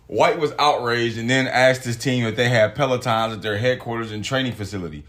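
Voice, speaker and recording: Guy doing a solo podcast, cussing a lot, animated, reads news stories out loud. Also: medium pitch, normal speed. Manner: profane, animated, reads articles aloud. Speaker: podcast host. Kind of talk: casual solo podcast commentary.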